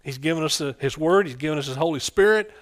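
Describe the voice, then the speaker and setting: A middle-aged man preaches with a voice pitched a little above most men's. He is fervent and keeps calling out for amens. He drops to quiet asides, then rises into loud bursts. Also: fast talker. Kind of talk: sermon.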